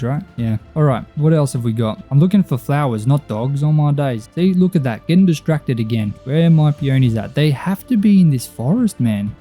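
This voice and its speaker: A young man chatting his way through a video game, excitable and self-talking, cheering on his pets as he plays. His voice sits at a middling pitch with a very dark, mellow tone, and soft music plays faintly behind him. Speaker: gaming YouTuber. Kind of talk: casual gameplay commentary.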